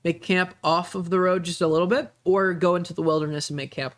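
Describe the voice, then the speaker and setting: A man's voice: sits high, fairly even intonation, fast talker, a bit bright. A man running a tabletop game as game master, talking casually with many fillers.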